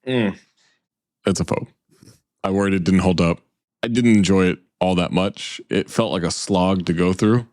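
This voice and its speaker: A man's voice: low-pitched, moderate pace, a little mellow, no room sound. A man co-hosting a film podcast, bluntly dismissing a movie in casual chat. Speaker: podcast co-host.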